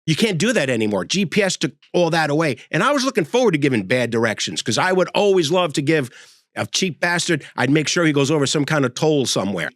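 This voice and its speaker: A man in his sixties giving a sarcastic, animated comedic monologue as host. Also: a little high, dry recording. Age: 60s.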